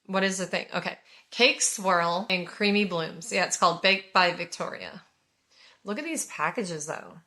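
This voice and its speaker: Gushing woman vlogger with a bright voice. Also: medium pitch. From California. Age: 40s. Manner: gushing, effusive, talks to viewers. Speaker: haul vlogger. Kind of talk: casual product review chat.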